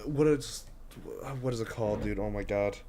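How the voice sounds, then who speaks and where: A man's voice: lowish voice, normal speed, mellow. A young man co-hosting a podcast, talking bluntly and profanely, often searching for words. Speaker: podcast co-host. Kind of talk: casual chat.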